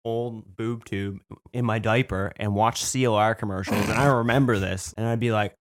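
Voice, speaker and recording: A man's voice: on the low side, steady tone, normal speed, dry recording, studio quality. A man talking bluntly in a casual group chat, swearing offhandedly.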